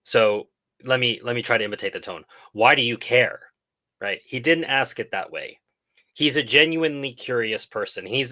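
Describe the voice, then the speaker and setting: A middle-aged man hosting a live stream and answering viewer questions in a casual, thoughtful way, pausing and restarting as he explains. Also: fairly low pitch, pushed and bright.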